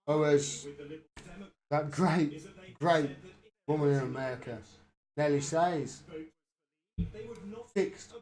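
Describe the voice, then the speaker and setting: A man's voice: a little high, slow, long pauses, darkish tone. A man doing live political commentary in an angry, profane, emphatic rant.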